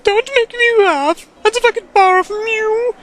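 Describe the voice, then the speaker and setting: A man doing a shrill scornful older sister. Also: normal speed, a bit bright, a little hiss or hum. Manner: screeching falsetto, mocking. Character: shrill older woman sibling, scornful and furious.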